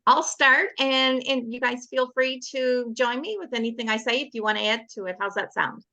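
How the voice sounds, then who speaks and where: Bright, upbeat woman on a lo-fi call. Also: on the high side, fairly even intonation, moderate pace, dry recording. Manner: upbeat, enthusiastic explaining. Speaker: participant on a product call. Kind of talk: casual group call.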